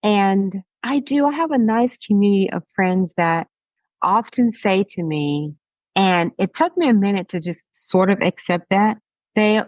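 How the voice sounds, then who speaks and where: Woman guest, lowish voice, measured and sincere, dry studio sound. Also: no echo. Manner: earnest, measured and encouraging. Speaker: hairstylist guest. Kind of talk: casual interview chat.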